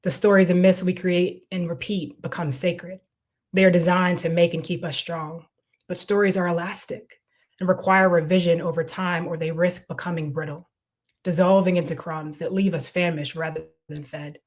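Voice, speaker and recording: A woman moderating a panel, reading an introduction in a measured, formal way and posing questions. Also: fairly low pitch, level tone, a little mellow.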